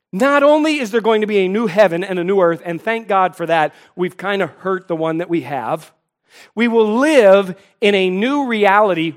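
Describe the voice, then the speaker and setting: A middle-aged male pastor preaching a sermon, building emphasis through repeated declarations. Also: sits high.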